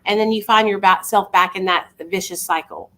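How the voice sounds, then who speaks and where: A woman's voice: mid-range voice, moderate pace, a bit bright. A woman in her thirties, a vlogger casually telling viewers a personal story in a chatty, confiding way.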